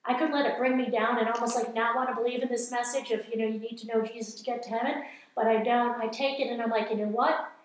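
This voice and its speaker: A woman's voice: on the high side, fairly even intonation, fast. Passionate woman preacher in an echoey room. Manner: passionate, earnest, exhorting. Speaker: speaker. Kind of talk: evangelical teaching talk.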